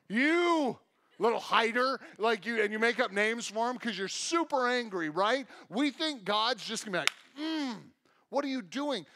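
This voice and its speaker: High-voiced male pastor preaching. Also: sharp tone. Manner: storytelling, acts out quoted voices. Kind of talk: sermon. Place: church sanctuary.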